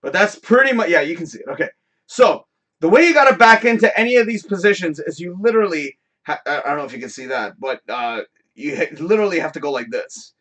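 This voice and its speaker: A man's voice: on the high side, lively intonation, quick pace, pushed and bright. A man hosting a live stream, telling a story in a casual, profane rant and laughing often. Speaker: host.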